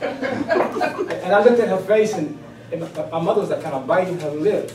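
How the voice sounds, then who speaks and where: Older man telling funny stories. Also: high voice. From South Carolina, US. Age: 60s. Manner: lively, drawn-out storytelling with emphatic buildups. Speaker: club speaker. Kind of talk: humorous personal storytelling speech. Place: club meeting room. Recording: echoey room, distant mic, background noise.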